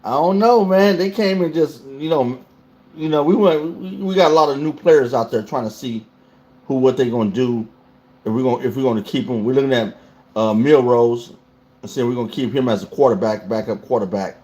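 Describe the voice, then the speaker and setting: A man's voice: mid-range voice, a little fast, a little mellow. A man hosting a casual livestream, talking loosely and in slang straight to his chat. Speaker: livestream host.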